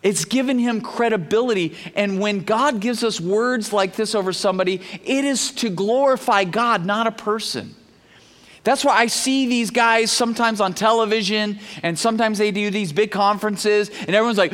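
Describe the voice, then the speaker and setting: High-voiced preacher guy, casual stories, acts out the voices, big hall reverb. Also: moderate pace, a bit bright. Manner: storytelling, acts out quoted voices, casual slang. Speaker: pastor. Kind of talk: sermon with anecdotes.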